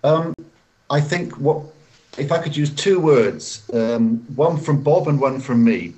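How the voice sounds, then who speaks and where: A man being interviewed as a guest author over a video call, explaining in a measured way and acting out example phrases. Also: mid-range voice, darkish tone, rough recording. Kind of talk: interview answers. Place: hotel room.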